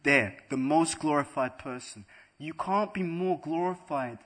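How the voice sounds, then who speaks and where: A man's voice: on the high side, a little slow, fairly bright tone. A man giving a devotional class lecture to a room of listeners, arguing in a rhetorical way and asking "right?" again and again. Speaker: spiritual lecturer. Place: room with a live audience.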